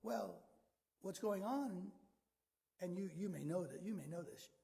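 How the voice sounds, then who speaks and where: A man's voice: high voice, animated, measured pace, gravelly, mellow, breathy edge. A man preaching a sermon in a conversational way, often repeating words and asking the audience questions. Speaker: pastor.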